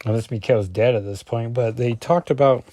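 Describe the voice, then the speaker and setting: A man's voice: medium pitch, normal speed, warm tone, a little hiss or hum. Rambling man reviewing comics. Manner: rambling, self-correcting, lots of ums. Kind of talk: casual review commentary.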